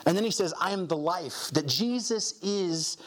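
A man's voice: high-pitched, lively intonation, moderate pace. A man preaching a sermon as pastor, emphatic and repeating key phrases for weight.

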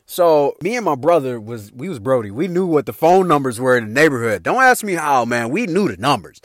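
Animated man telling a story. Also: on the high side, dry recording, studio quality. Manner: animated, profane, laughs often. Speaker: podcast host. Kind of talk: casual storytelling.

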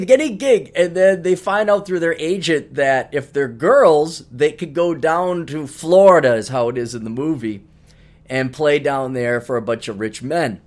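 A middle-aged man hosting a podcast, telling a rambling story in a casual monologue with many restarts. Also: medium pitch. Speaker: podcast host.

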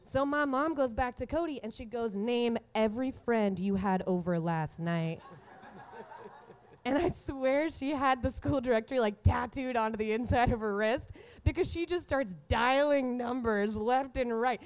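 A woman in her twenties telling a comic story from her own life, animated and often laughing through the punchlines. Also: sits high, normal speed, hardly any pauses, clean tone. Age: 20s. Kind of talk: live comedic storytelling.

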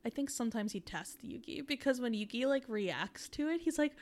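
Young female co-host with a higher voice who chats casually and makes quick asides. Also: animated, a little mellow. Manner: chatty, quick asides and interjections. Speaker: podcast co-host. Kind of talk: casual chat recapping a show.

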